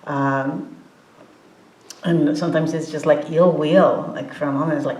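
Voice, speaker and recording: A woman in her forties giving an informal meditation talk, halting with many fillers and restarts, often breaking into laughter. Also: sits low, steady tone, darkish tone. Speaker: meditation teacher. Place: meditation hall. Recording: roomy hall sound.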